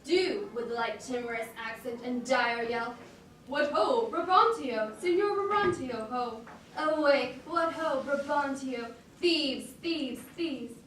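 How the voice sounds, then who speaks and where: A woman's voice: on the high side, little pitch movement, unhurried, few pauses, slight background noise, close to an everyday voice. A woman playing a bitter scheming soldier. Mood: shouting. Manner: declaiming, scornful. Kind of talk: amateur stage acting. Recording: very echoey room from far off.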